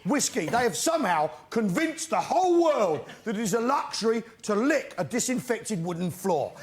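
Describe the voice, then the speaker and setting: A British stand-up comedian delivering a live routine with bombastic, mock-patriotic sarcasm on a big stage. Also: male voice, high voice, sing-song, normal speed, hardly any pauses. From Britain. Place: large theatre stage. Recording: echoey theatre with loud crowd. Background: roaring audience laughter.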